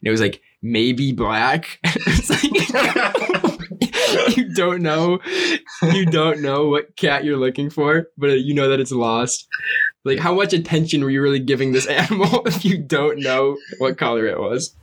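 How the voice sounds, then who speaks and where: A man's voice: on the high side, expressive, unhurried, a bit bright, a little hiss or hum. Laid-back young man chatting. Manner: laid-back, laughs through his stories. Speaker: podcast co-host. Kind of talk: casual chat.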